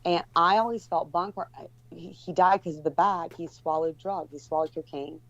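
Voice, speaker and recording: A woman's voice: lowish voice, fairly even intonation, moderate pace. A woman guest telling a story in casual talk, rambling with many restarts and fillers. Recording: dull lo-fi recording.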